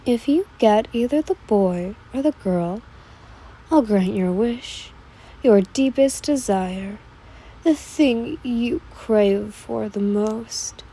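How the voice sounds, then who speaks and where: A woman voicing a calm, commanding goddess who speaks in a slow, purring, indulgent manner. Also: fairly high pitch, husky, full character voice, poor audio.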